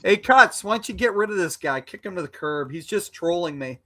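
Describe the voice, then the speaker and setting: A man's voice, a little high and a bit bright, comes through a live video call as he angrily repeats insults at a troll. He's a guest on the stream, talking a little fast with lively intonation.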